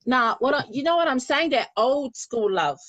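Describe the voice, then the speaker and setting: A woman's voice: sits high, animated, normal speed, fairly bright tone, dry recording, lo-fi sound. A woman giving a live psychic reading, chatty and affectionate, often laughing. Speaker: spiritual medium.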